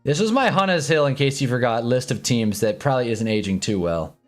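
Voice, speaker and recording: Excitable young man streaming football. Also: medium pitch, brisk, faint music behind. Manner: excitable, swings from muttering to yelling at plays. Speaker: sports streamer. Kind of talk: live football watch-along commentary. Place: home streaming room with green screen.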